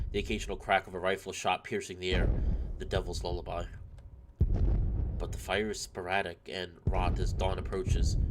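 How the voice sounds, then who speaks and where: A man's voice: low voice, background noise, pitched below the performer's own voice, lightly acted. A man reading aloud the narration of a war-weary young soldier in a trench, in a subdued, somber voice over game music.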